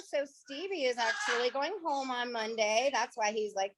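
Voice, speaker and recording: A slightly high-voiced woman leads a chatty tour of a bird rescue over a video call, dropping frequent ums and cooing at the birds. The call carries a loud wall of squawking and chirping from the birds around her. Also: normal speed, hardly any pauses, heavy background noise. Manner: chatty, many filler ums, sweet baby talk to birds. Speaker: parrot rescue facility director. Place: indoor bird rescue room. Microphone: phone or laptop on a video call.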